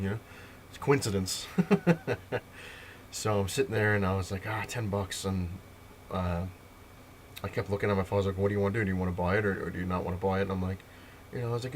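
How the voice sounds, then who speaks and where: Fast-talking deep-voiced New man. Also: a little hiss or hum. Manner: rambling, filler-heavy retelling. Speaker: comic collector vlogger. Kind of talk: casual storytelling to camera.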